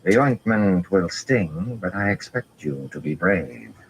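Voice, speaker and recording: A man with a very deep voice voicing an imperious young noblewoman who speaks in a slow, honeyed drawl. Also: lively intonation, a little hiss or hum, low-quality recording. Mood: cool, commanding.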